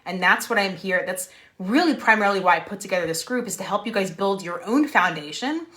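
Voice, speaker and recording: A woman's voice: medium pitch, brisk. Casting: upbeat young woman business coach, live-streaming from home, punchy and encouraging, mid-range voice. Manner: energetic, repeats "right?", laughs. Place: home room.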